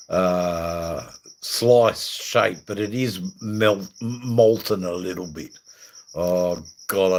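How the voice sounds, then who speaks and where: Slow, rambling Australian man. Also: low-pitched, gravelly, rough recording. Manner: rambling, crude and jokey, many fillers. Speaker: livestream host. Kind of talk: casual livestream chat reading viewer comments.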